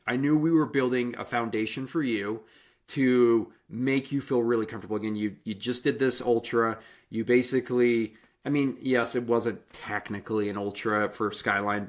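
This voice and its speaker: A man with an average-pitched voice hosts an interview podcast and coaches the guest he is talking to. He speaks in an earnest, encouraging way and presses with thoughtful questions. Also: steady tone, normal speed. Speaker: podcast host and running coach. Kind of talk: casual interview.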